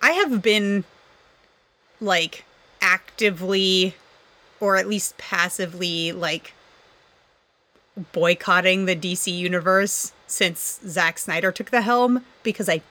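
Bright-voiced woman, rambling casual chat. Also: lowish voice, takes it slowly, pauses often. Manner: rambling, sarcastic, laughs often.

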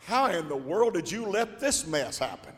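A male pastor preaching a sermon to a congregation, building from slow, measured lines to shouted, drawn-out exclamations. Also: high voice, sing-song. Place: large church hall. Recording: long hall reverb.

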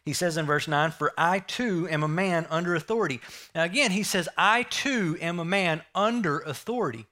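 A man's voice: fairly high pitch, normal speed, pushed and bright. A man preaching a sermon, emphatic, repeating key phrases and asking the listeners rhetorical questions.

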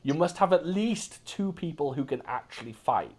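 Animated man chatting. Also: a little high, normal speed, slightly rough. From Wales. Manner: lively, joking, self-mocking. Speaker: podcast host. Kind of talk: casual chat.

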